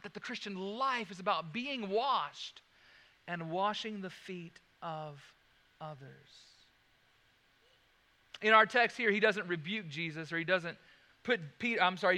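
A man preaching a sermon, swinging from loud emphasis to hushed, slow lines and repeating key phrases. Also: sits high, long reverb tail. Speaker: pastor.

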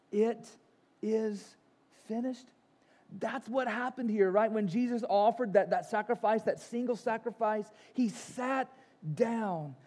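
A male pastor preaching a sermon, telling a story and moving between loud, emphatic passages and soft, slow ones. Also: sits high.

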